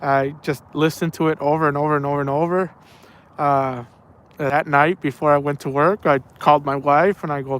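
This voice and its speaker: Outdoors at night on a fishing trip, a man with a slightly high, fairly bright voice tells a story casually at normal speed with fairly even intonation. He's an angler who rambles, repeats himself, and tosses in "man" and "bro."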